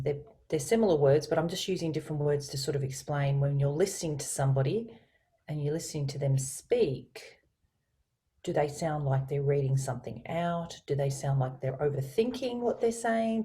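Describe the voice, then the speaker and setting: Woman, voice coach, low pitch, warm mellow tone, expressive, teacherly, video call. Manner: expressive, teacherly, varies her inflection. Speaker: voice and communication coach, guest. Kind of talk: explanatory interview talk with spoken tone demonstrations.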